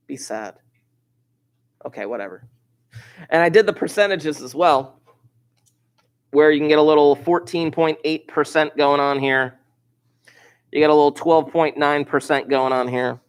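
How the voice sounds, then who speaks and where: A man teaching a high school statistics class, casual and offhand, who slows down and repeats key points for emphasis. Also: clear, resonant tone. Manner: informal, offhand asides. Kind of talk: classroom lecture.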